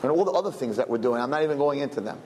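A man's voice: mid-range voice, racing, slight background noise. A middle-aged man giving a sermon as a rabbi, telling stories with jokes and acting out voices. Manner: animated, joking, acts out voices.

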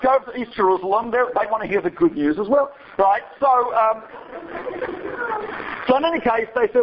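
A man's voice: sits high, normal speed, crowd noise. A male rabbi telling a story to his students in a digressive, chatty lecture, often checking in with a rhetorical "right?". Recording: dull lo-fi recording.

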